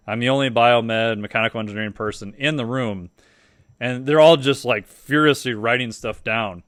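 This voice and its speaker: A middle-aged man telling a story on a podcast as the guest, casual and animated, acting out the voices of people he quotes. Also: mid-range voice, no echo, studio quality.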